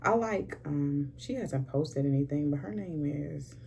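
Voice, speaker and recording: Low, gravelly-voiced woman in her thirties. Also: lively intonation, a little slow, background noise. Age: 30s. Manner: chatty, sassy, says "honey" a lot. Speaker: beauty vlogger. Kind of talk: casual makeup chat.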